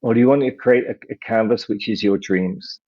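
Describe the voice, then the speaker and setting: A man speaking as a podcast guest, measured and philosophical, slowing down to stress ideas. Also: fairly low pitch, dark tone. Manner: measured, philosophical, slows down for emphasis. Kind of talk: reflective interview talk. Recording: muffled lo-fi audio.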